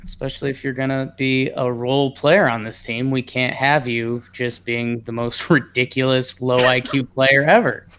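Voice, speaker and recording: Smooth-voiced man joking through baseball chat. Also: medium pitch. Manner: fast, joking, animated lineup reading. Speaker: co-host. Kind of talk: casual sports podcast chat.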